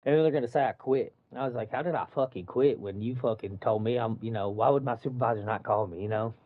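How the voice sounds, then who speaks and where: A man's voice: mid-range voice, fast talker, no echo. A man casually retelling a run-in at work, swearing a lot and acting out what each person said. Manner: profane, animated retelling with quoted dialogue. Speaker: construction worker telling a story. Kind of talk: casual storytelling chat. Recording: dull muffled dry recording.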